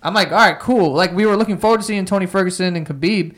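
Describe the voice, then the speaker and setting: A man co-hosting a casual sports chat, excitable and swearing freely. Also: high voice, rapid-fire. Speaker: podcast co-host.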